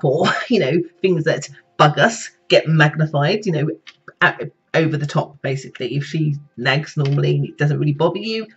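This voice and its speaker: A woman's voice: deep voice, husky, muffled recording. A woman psychic reader giving a casual, chatty horoscope reading that speaks straight to her viewers. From Britain. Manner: chatty, conversational, addresses viewers directly.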